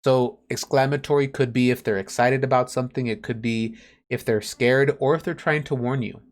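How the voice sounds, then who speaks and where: A man's voice: mid-range voice, fairly even intonation, normal speed. Male teacher, mid-range voice, patient and plain-spoken, teaching over a video call. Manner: patient, explains with everyday examples. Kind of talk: online class lesson.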